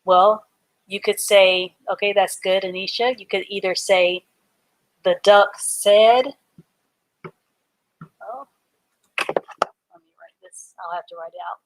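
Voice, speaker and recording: Slow, patient woman teaching reading. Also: medium pitch, steady tone, fairly bright tone. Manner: slow, patient, spells words out letter by letter. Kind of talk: live online literacy lesson.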